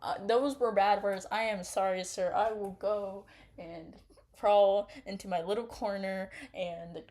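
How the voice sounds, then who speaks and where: A woman playing a story game who reads its text softly and breaks into laughing rants at the characters. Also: mid-range voice, steady tone, measured pace. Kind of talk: casual gameplay commentary and reading.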